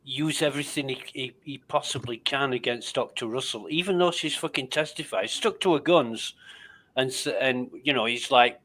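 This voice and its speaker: A man's voice: mid-range voice, moderate pace, fairly bright tone. A man with an English accent chatting as a livestream guest over a video call, tired and dry, with plenty of swearing. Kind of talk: casual chat.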